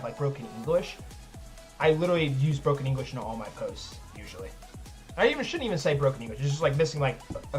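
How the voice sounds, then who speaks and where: A man hosting a live chess tournament stream in casual chat, rambling with lots of "like" fillers and joking at his own expense. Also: medium pitch. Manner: rambling, heavy use of "like" fillers; joking, self-deprecating.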